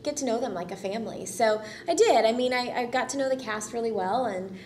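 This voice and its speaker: A woman's voice: a little high, lively intonation, fairly quick, a little mellow, a little hiss or hum. A woman actress answering interview questions casually, upbeat, friendly and enthusiastic.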